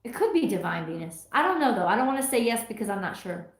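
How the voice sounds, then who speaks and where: A woman's voice: mid-range voice, sing-song, quick pace. A middle-aged woman hosting a tarot livestream, chatting casually and reading viewer comments aloud with frequent laughs. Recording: echoey room.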